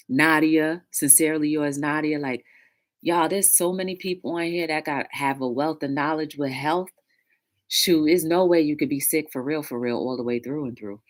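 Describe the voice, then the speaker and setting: A woman's voice: low-pitched, fairly bright tone. Chatty woman hosting a livestream. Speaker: livestream talk show host. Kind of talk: casual livestream chat.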